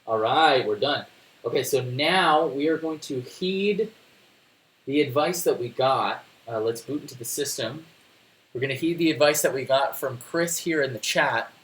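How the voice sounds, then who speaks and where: A man's voice: medium pitch, moderate pace, a bit bright, reverberant, low-quality recording. A man casually walking viewers through a phone tutorial on a live stream, rambling and answering chat. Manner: chatty, rambling, reads chat aloud, restarts often. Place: home desk.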